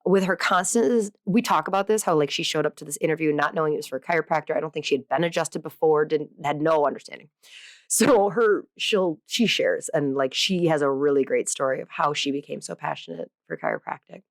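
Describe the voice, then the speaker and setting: Woman podcast host, lowish voice, dry close sound, bubbly and self-mocking, heavy on filler words. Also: a little fast, dry recording. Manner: chatty and self-deprecating, with many fillers; bubbly, playful asides. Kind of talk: casual podcast monologue.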